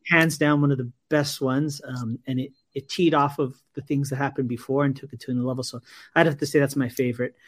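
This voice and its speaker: A man's voice: medium pitch, fairly even intonation, quick pace. A man co-hosting a casual podcast, joking around and often restarting his sentences. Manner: joking, self-interrupting. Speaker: podcast co-host. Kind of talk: casual chat.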